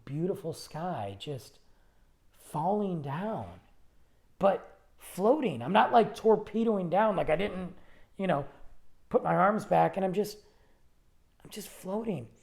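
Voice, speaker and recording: A man with a gravelly, creaky voice tells a long personal story on a podcast. His pitch swings up and down a lot as he goes, and he rambles and restarts his sentences, animated and loose. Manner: rambling, animated, self-interrupting. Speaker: podcast host. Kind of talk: casual storytelling monologue.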